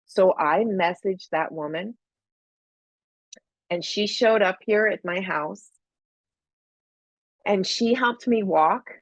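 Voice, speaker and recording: A woman's voice: medium pitch, slow pace, pauses often, no echo. A woman guest on a podcast, telling a personal story earnestly and repeating phrases for emphasis. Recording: dull, lo-fi, dry sound.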